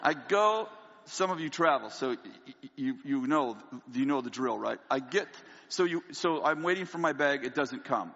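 A man preaching a sermon, telling a funny personal story in an animated way and laughing often. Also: mid-range voice, moderate pace. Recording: long hall reverb, dull lo-fi sound.

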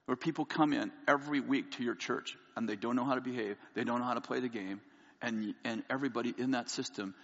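A man preaching a sermon, telling a candid, self-mocking personal story and quoting people in lively voices. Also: medium pitch. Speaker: pastor. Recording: dull lo-fi audio with long hall reverb.

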